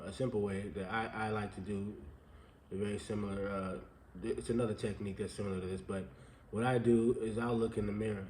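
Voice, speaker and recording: A man with a nasal, stuffed-up voice from sinus trouble, talking casually and rambling about motivation. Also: fairly low pitch. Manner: relaxed, rambling with fillers. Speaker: co-host. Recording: echoey room with faint ambient noise.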